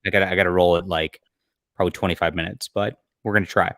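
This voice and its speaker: Low-voiced man hosting a livestream. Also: steady tone, fast talker, a bit bright, no room sound. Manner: blunt, mocking commentary with frequent fillers. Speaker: livestream host. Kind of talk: casual commentary over a clip.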